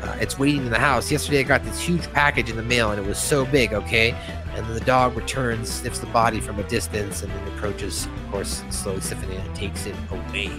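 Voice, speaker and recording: A man hosting a casual podcast, recapping an episode and reading its lines aloud in a raised, animated voice, with faint music underneath. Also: on the low side, fairly quick. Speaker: podcast host.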